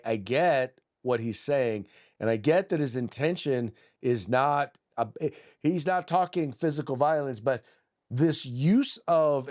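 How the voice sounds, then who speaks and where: A man with a medium-pitched, slightly mellow voice hosts a political podcast. He's blunt and combative, reading news articles aloud and frequently restarting and repeating words.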